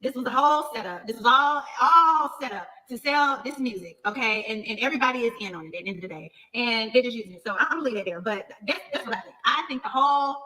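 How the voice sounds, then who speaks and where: A woman's voice: on the high side, expressive, fast talker, hardly any pauses, sharp tone, low-quality recording. A middle-aged woman, a reality TV cast member, telling a story in a blunt, casual podcast rant and swearing freely.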